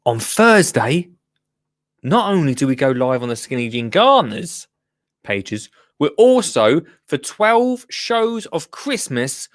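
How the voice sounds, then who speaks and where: Lively jokey man hosting. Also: on the high side, no room sound, studio quality. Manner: chatty, jokey, greets viewers by name. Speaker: host. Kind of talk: live call-in show hosting.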